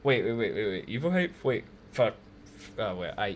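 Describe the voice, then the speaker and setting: A man's voice: fairly low pitch, lively intonation, a little slow. A young man chatting casually on a live game stream, laughing often and swearing freely.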